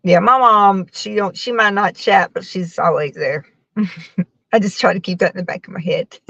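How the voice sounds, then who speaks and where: A woman's voice: medium pitch, unhurried, creaky, a bit bright, no echo. A tired woman rambling to her viewers during a casual live stream, laughing often. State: tired after a long work shift. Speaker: livestreamer chatting with viewers. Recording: dull, dry phone-mic sound.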